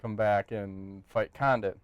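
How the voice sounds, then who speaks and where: A man co-hosting a podcast, talking fights in casual, profane, animated chat. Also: fairly low pitch, slow pace, muffled recording. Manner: profane, animated, breaks into joking bits. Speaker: podcast co-host.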